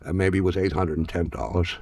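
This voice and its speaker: An older man telling a story in an archive clip, halting and repeating words, with a dry sense of humor. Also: sits low, steady tone, darkish tone, no room sound. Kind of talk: storytelling anecdote.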